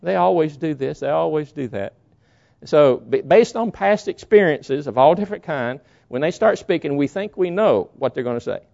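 Preacher guy, kinda high gravelly voice, folksy sermon vibe, muffled recording. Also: lively intonation, moderate pace, darkish tone. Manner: folksy storytelling, acts out quoted voices. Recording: dull lo-fi recording.

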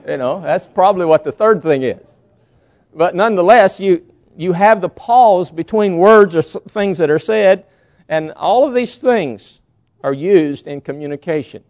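A man's voice: a little high, darkish tone. A man preaching a sermon in an emphatic way, often acting out short quotes to make his point. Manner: emphatic, illustrating with acted quotes. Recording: dull lo-fi sound.

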